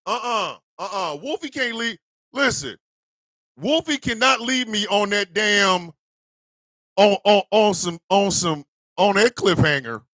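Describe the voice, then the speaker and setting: A man hosting a morning show, chatting casually and reacting with loud, slangy exclamations. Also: sits high, no room sound. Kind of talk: casual live show chat.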